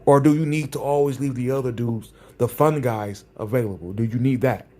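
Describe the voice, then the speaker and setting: A man's voice: medium pitch, a little fast, warm tone. A man ranting in a vlog, sarcastic and combative, often repeating his phrases for emphasis. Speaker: vlogger. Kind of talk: ranting commentary.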